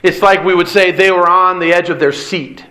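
A man's voice: sits high, steady tone, normal speed, bright, forceful tone. A middle-aged man preaching a sermon, earnest and direct, asking the congregation rhetorical questions. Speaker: pastor.

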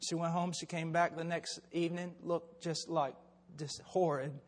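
An older male preacher delivers a sermon in a fervent, impassioned storytelling manner. His voice sits high for a man, and it rings out through a large church hall with a long, lingering reverb. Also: level tone, moderate pace, few pauses.

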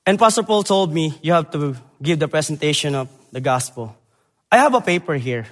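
A man's voice: on the high side, lively intonation. Earnest young man preaching in a church. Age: young adult. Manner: earnest, halting non-native English, swings from loud emphasis to quiet. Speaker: preacher, Bible college graduate. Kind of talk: church sermon and missions presentation. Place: church sanctuary. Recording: long church hall reverb.

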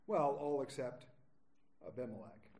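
A man leading a verse-by-verse Bible study, lively, with joking asides. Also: mid-range voice, measured pace.

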